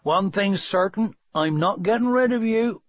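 A man voicing a plain-spoken, gruff but kind older farmer with a slow, homely drawl, on a dull, dry lo-fi recording. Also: high-pitched, no room sound, voice pushed up. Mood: determined.

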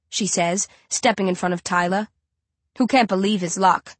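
A woman narrating a first-person story in an even, steady storytelling way. Her voice is of middle pitch and recorded close and dry, with no room sound. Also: moderate pace, no echo. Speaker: audiobook narrator.

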